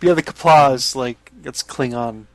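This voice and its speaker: A man's voice: mid-range voice, normal speed, a crowd in the background. A man co-hosting a casual podcast, rambling through a story and giggling throughout. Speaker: podcast co-host. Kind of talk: casual chat.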